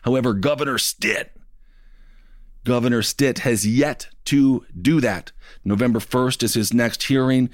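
A man hosting a podcast, talking in a loose, animated, joking way about news. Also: medium pitch, unhurried, no room sound, studio quality. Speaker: podcast host. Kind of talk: casual political chat.

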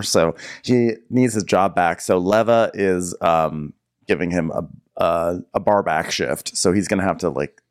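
A man's voice: sits low, dry recording, studio quality. A man co-hosting a podcast, chatting loosely and wryly about reality TV with sarcastic asides. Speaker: podcast co-host. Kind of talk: casual chat recapping reality TV.

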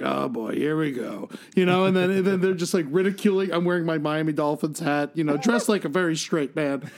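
A young man with a fairly high voice tells a story in casual chat. He acts out the quotes and keeps it animated. He laughs at his own punchlines. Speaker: podcast host.

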